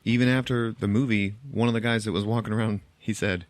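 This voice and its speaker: A man's voice: lowish voice, little pitch movement, fast talker, no room sound. Chatty, profane podcast host, a man. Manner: chatty, profane, laughing at his own jokes. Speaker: podcast host recapping a film. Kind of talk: casual chat, plot recap.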